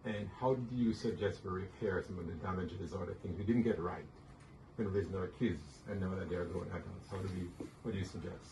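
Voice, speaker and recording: A male moderator with a low voice asks his guest questions and murmurs encouragement. The room echoes, and the mic sits well back. Clear background noise runs through the whole recording. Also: brisk, dark tone. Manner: encouraging, frequent affirming murmurs. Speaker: host and moderator. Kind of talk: interview questions. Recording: roomy, distant mic with noise.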